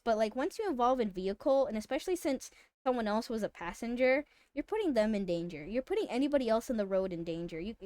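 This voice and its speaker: A woman streamer tells a story in casual live-stream chat, animated and swearing freely. Her voice sits a little high and comes across smooth and clear. The sound is close and dry. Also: no room sound.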